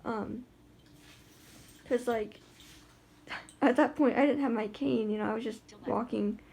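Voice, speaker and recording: A woman's voice: on the high side, steady tone, a little slow, vocal fry, darkish tone, husky. A woman talking in a casual vlog about life with her guide dog, chatty and rambling with lots of fillers and restarts.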